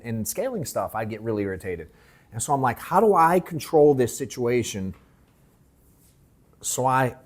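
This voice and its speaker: A man leading a live sales workshop, telling animated stories that act out his own reactions, swearing freely and calling the audience bro and dude. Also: mid-range voice. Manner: animated storytelling, mimics himself, swears, calls people bro and dude. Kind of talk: casual, joking workshop talk.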